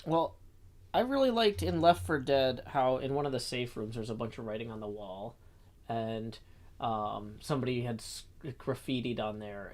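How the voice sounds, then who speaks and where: Male host, relaxed stream chat, deadpan jokes, slow thoughtful delivery. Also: mid-range voice. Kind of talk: casual chat while drawing.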